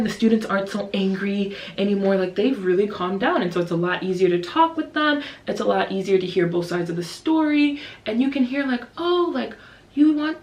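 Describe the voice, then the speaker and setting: A woman in her twenties, an English teacher vlogging casually to camera, who keeps slipping into high, lively voices to act out her students and herself. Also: creaky. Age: 20s. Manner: animated, acts out kids and teachers in high voices. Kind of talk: casual vlog talk to camera. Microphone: camera's built-in mic. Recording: roomy echo.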